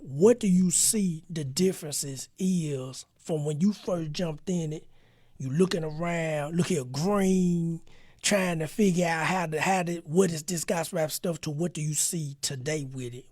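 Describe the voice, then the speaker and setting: A man hosting a podcast interview, telling a story in an animated, slangy way. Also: fairly high pitch, normal speed, dry recording, clean studio sound. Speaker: podcast host. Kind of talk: casual interview chat.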